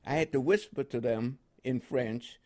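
A man's voice: mid-range voice, unhurried, darkish tone. An older American man reminisces in a radio interview. He rambles and circles back, leaning on fillers and restarts as the stories unfold. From United States. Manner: rambling storytelling with frequent fillers. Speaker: guest.

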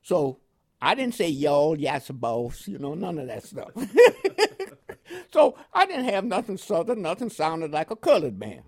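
Speaking at a normal speed with long pauses, this older Panamanian man has a high, husky voice. He recounts his life in an oral history interview, his New York accent touched by West Indian inflections, though French is his first language. He performs quoted voices with animated energy.

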